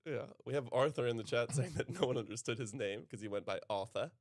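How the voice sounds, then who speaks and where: A man's voice: medium pitch, quick pace. A man from New York with an American accent, commentating live poker in a laid-back, easily amused way. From New York City.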